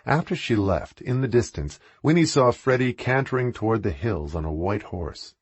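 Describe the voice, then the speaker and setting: A man narrating an audiobook with expressive, animated delivery. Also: lowish voice, normal speed, breathy edge, no room sound.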